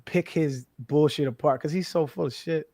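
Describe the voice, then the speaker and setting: A man in his thirties from New Mexico, a former football player, talking as an interview guest in a frank, profane way with lively storytelling. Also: fairly high pitch, moderate pace, no room sound, clean studio sound. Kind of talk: casual interview chat.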